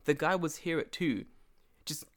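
Speaking in a slightly high, unhurried voice, this man tells a story during a casual chat. He swears often, laughs, and plays both ends of a phone call. He's the storyteller in the conversation and lives and works in Japan.

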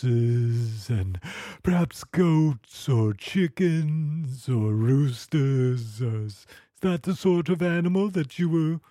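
A man's voice: medium pitch, animated, slow pace, mellow, no room sound, clean studio sound. A man hosting an improvised comedy podcast, with a prim, genteel interviewer tone. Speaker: host.

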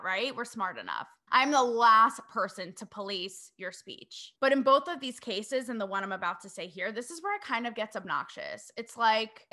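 A woman's voice: a little high, pushed and bright. A woman from New England hosting her own show, giving an emphatic opinion monologue straight to her listeners. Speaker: podcast host.

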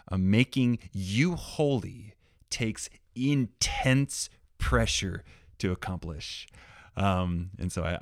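A man's voice: deep voice, a little mellow, no room sound, clean studio sound. A man co-hosting a casual chat with his wife, earnest and enthusiastic, often stumbling over words. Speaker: co-host, husband.

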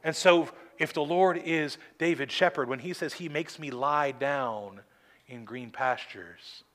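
Earnest preaching man, slightly high voice. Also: a bit bright. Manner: earnest preaching with slowed emphasis and dry humor. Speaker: pastor. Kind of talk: sermon. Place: church sanctuary at a pulpit.

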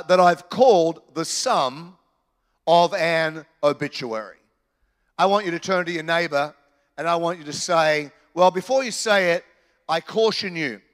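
A man preaching a sermon in church, animated and joking with the congregation. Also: high-pitched, in a large hall. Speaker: pastor. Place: church hall.

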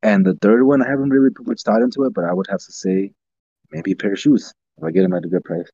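Relaxed male co-host, husky and lowish, meandering casual talk, dull dry recording. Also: fast, no room sound. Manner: rambling, heavy use of "like", laid-back. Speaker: podcast co-host. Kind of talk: casual chat.

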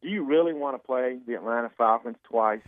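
A man who writes about sports, calling in to chat in a relaxed way and often repeating words mid-sentence. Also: medium pitch, brisk, no echo. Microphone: phone line. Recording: tinny phone line.

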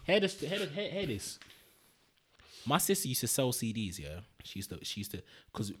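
A man's voice: mid-range voice, moderate pace, slight background noise. A man, co-hosting a podcast in casual chat and telling stories with lots of slang. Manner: animated, slangy storytelling. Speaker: podcast co-host.

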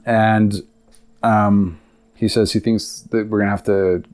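A man's voice: lowish voice, flat delivery, slow, a little mellow. A man hosting a podcast, telling a long personal story in a rambling, confessional way with many fillers. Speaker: podcast host. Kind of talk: casual storytelling monologue.

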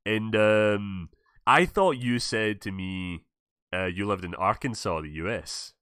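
A man's voice: on the low side, slow pace, bright, forceful tone, clear, resonant tone, no echo, studio quality. A young Scottish man hosting a casual podcast, rambling, swearing and correcting himself as he goes. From Scotland. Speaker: podcast host. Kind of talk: casual chat.

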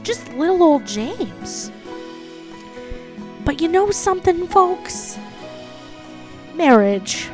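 Woman doing a booming smarmy preacher man. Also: exaggerated voice. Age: 40s. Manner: booming, theatrical, swelling emphasis. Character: smarmy middle-aged male preacher boasting about young wife. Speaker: pastor. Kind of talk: comedic impression of a sermon.

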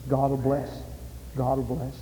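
A man preaching a sermon with impassioned delivery, building to loud climaxes. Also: mid-range voice, completely flat delivery, a little slow. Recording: echoey hall with faint ambience.

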